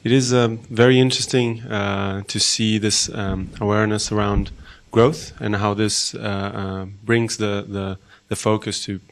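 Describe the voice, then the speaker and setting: A man with a low voice asks a question from the audience at a lecture. He speaks haltingly, with many pauses and fillers as he searches for his words. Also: flat delivery. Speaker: audience member asking a question. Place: lecture room.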